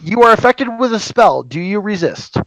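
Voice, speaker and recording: A man voicing a flattering, gushing middle-aged female elf in a tabletop game. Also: high voice, normal speed, dry recording, highs cut off, pitched above the performer's own voice, exaggerated voice. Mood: sweet.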